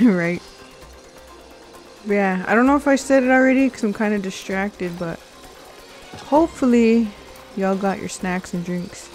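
A woman's voice: mid-range voice, unhurried, pauses often, a little mellow. A woman casually chatting and laughing while playing a co-op video game, swearing freely. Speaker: gaming co-host. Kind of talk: casual let's-play chat. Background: game music.

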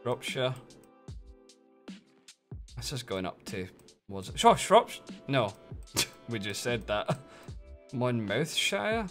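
Scottish male streamer, live game commentary, excitable and foul-mouthed, faint music under him. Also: medium pitch, slow, long pauses. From Scotland. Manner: excitable, swears freely, laughs often.

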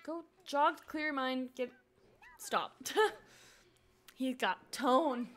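A young woman with a voice that sits high streams her gameplay live, talking very slowly with long pauses. Even so, she's excitable and gushing, and she often talks to the characters on screen.

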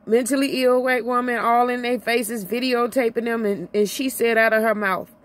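Nearly crying, a middle-aged Illinois woman vents in an emotional vlog rant, repeating herself while her voice moves from high to low. Her tone stays steady and her pace moderate.

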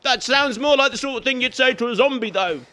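A man's voice: very high voice, fast talker, pushed and bright. A man giving chatty let's play commentary, teasing and scolding the game and its characters as he plays. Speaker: gaming YouTuber.

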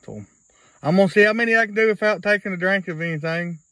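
A man's voice: high-pitched, quick pace, pushed and bright, dry recording, low-quality recording. A man, rambling through a casual video blog in a folksy way and repeating himself. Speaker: vlogger.

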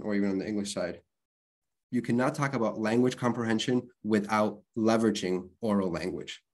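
A man's voice: fairly low pitch, a little mellow. A man presenting an online literacy workshop, explaining things in a conversational way and spelling out sounds. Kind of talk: workshop lecture.

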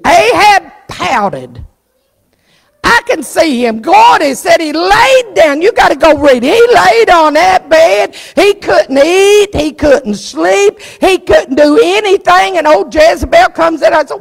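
High-voiced woman preaching fervently. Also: lively intonation, takes it slowly, creaky. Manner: fervent storytelling preacher who acts out the story's characters. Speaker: pastor. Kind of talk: sermon. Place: church. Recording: reverberant church sanctuary.

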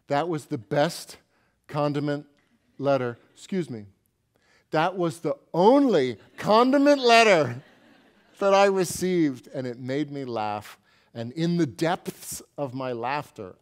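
A man giving a keynote as a poet, reading his poems in a measured way, with line ends that fall quiet. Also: mid-range voice. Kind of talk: poetry reading.

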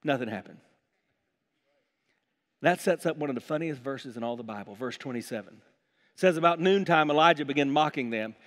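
A man preaching a sermon as pastor, animated and acting out scripture passages with playful voices. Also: on the high side, normal speed, long pauses, long reverb tail. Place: church sanctuary.

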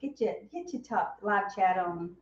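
A woman's voice: mid-range voice, lively intonation, measured pace, a loud crowd. Teasing woman co-host, off-mic. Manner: chatty, teasing, laughs a lot. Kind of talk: casual live-stream chat. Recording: distant, roomy, dull lo-fi audio.

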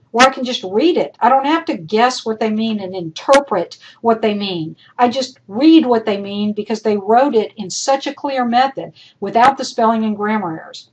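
Woman instructor, slightly high and husky, blunt teacherly feedback. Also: rough recording. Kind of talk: recorded class feedback. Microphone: recorded lecture voice-over.

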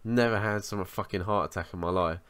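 A man co-hosting a podcast, telling a story in a sweary, animated way in casual chat. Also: low-pitched, fairly quick. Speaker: podcast co-host.

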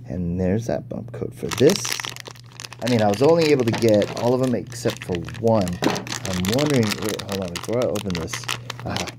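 A man's voice: lowish voice, animated, moderate pace, background noise. A man giving casual, chatty toy unboxing commentary, thinking aloud and easily impressed. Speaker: toy reviewer.

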